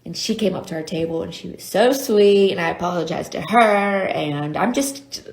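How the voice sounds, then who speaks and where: A woman's voice: on the low side, moderate pace. A woman telling a self-deprecating story to camera as a lifestyle vlogger. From North Carolina, US. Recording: echoey room.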